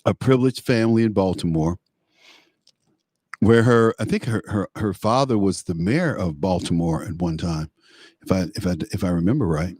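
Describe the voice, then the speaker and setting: A man's voice: low voice, normal speed, long pauses, darkish tone, husky, dry recording. A man hosting a call-in talk radio show, blunt and mocking, often stumbling and repeating words.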